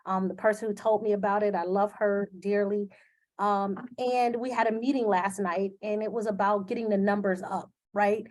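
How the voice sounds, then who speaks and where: A woman's voice: mid-range voice, a little mellow. A woman speaking live into her computer camera, candid and emotional, with many fillers. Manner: earnest, emotional, with frequent fillers. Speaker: live video host. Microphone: webcam on a computer.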